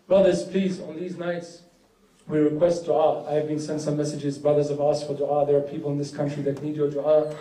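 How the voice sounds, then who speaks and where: Guy giving a sermon from far off in a big echoey room, high pitched, gets wailing and emotional. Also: level tone, normal speed, warm tone. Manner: storytelling that rises to an emotional, high-pitched lament. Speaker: Muharram speaker. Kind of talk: narrated religious sermon. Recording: roomy hall from far off.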